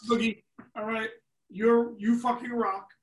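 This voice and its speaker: A podcast guest with a high voice speaks at normal speed, telling loose, laughing, profane stories with lots of animation. He sits far from the mic in an echoey room, and there's background noise.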